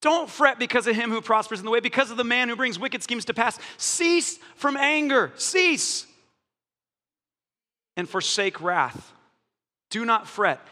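A man, a pastor, preaching a sermon in a church, animated and jokey with strong emphasis. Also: very high-pitched, a little fast. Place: church hall. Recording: echoey church hall.

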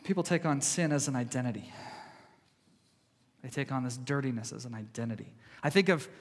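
A male pastor delivers a sermon conversationally, moving between loud emphasis and hushed, quiet stretches. His medium-pitched voice goes a little fast, and the sound has a big-room quality.

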